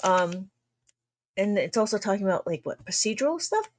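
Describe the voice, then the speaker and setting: A woman teaching long division on an abacus in a chatty livestream lesson, laughing often and trying to slow her usually fast talk. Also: medium pitch, sing-song.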